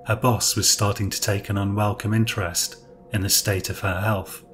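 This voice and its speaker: A man with a low voice telling a dark story in a measured, even way. His reading is steady and unhurried. Soft music plays faintly underneath. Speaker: narrator. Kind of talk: scripted story narration.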